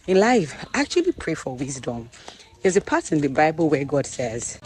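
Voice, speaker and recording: A young Nigerian woman with a Nigerian accent, chatting excitedly in a casual vlog to a phone camera, with pidgin-tinged phrasing. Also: sits low, moderate pace, slight background noise. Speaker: vlogger and author. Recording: echoey room with faint background ambience.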